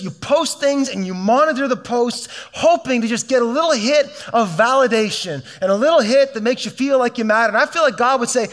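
A man's voice: very high voice, a bit bright. A middle-aged man preaching a sermon as a pastor, fervent and conversational, often restarting his sentences.

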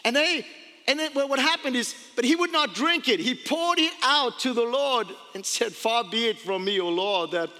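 A man's voice: very high voice, normal speed. A man with an accent preaching a sermon as pastor, telling stories and jokes with laughs along the way. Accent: non-American. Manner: animated, jokey storytelling with laughs. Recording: long reverb of a church hall.

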